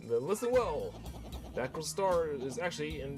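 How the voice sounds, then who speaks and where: A man's voice: a little high, sing-song, moderate pace, over music. A man doing a pompous henchman. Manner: pompous and theatrical. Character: pompous villain henchman, theatrical, suspicious.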